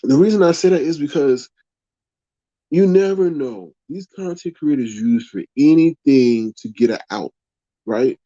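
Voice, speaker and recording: A man hosting a live online stream, talking casually to his viewers, reading their chat comments aloud and giving his take in an animated way. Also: a little high, measured pace, dry recording. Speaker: YouTube livestream host. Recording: dull, dry lo-fi stream audio.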